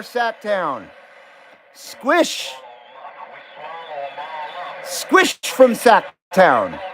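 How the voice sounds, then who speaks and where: A man's voice: extremely high pitch, slight background noise. A middle-aged man hosting a live CB radio stream, chatting casually and joking easily with radio contacts.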